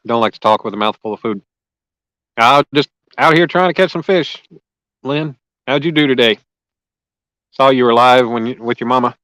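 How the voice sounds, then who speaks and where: A man chats easily with his viewers during a fishing livestream by the lake, folksy and relaxed. His voice is smooth and clear, mid-pitched, and close and dry with no room around it. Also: moderate pace, pauses often, dry recording, rough recording. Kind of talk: casual livestream chat. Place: lakeside outdoors.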